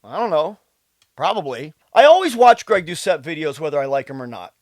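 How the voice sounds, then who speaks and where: A man, a fitness coach, talking to camera in a swearing rant that swings from loud outbursts down to low muttering. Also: big pitch swings, fairly quick, dry recording, studio quality. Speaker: fitness coach and video creator. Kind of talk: profane ranting monologue to camera.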